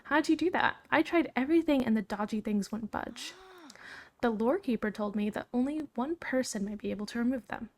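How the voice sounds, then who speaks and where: A woman's voice: a little high, fairly quick, darkish tone, lightly acted. A woman reading a brave young princess's game dialogue aloud in her own plain voice, without putting on an accent. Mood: earnest.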